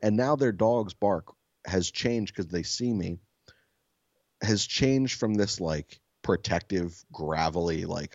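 A self-described soft-spoken man, a podcast co-host, telling a story casually, swearing freely and laughing often. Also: fairly low pitch, takes it slowly, no echo, muffled recording.

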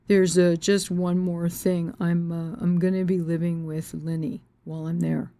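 A woman voicing her sheepish, evasive adult boyfriend, who talks haltingly with uhs. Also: on the high side, level tone, dark tone, no echo, lightly acted. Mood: hesitant.

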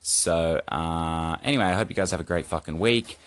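A man with a low voice talks off the cuff in a solo podcast check-in from home. He rambles, swears a lot and jokes at his own expense, breaking off to scold his cat. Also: normal speed. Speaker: podcast host.

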